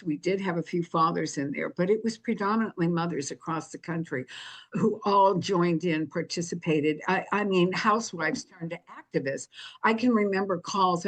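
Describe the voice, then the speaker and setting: An older woman telling her story in an interview, animating it by acting out the dialogue she quotes. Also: on the low side. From United States. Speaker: guest, activist founder.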